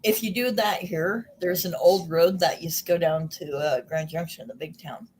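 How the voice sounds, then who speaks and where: A woman's voice: on the low side, moderate pace, darkish tone. A woman co-hosting a livestream, talking in a plainspoken, chatty way. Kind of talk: casual chat. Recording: faint background noise.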